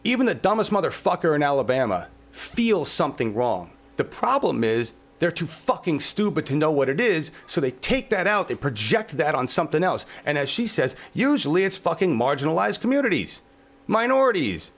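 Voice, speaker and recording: A man's voice: fairly high pitch, very animated, normal speed, few pauses. A male show host delivering a heated political podcast rant, swearing heavily, fervent and exasperated.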